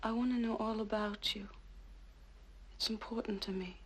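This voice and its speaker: A woman's voice: mid-range voice, fairly even intonation, moderate pace, close to an everyday voice. An actress playing a sensitive young woman who questions her mysterious lover earnestly in a 1970s TV drama. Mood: tender whisper. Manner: earnest, probing, turns soft and breathy when tender.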